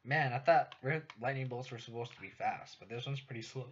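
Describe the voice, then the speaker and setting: In dull lo-fi stream audio with slight background noise, a young man with a West Coast American accent chats casually over a card game. His mid-range voice is a bit bright and a little fast, and his laid-back manner comes with lots of swearing and frequent laughter.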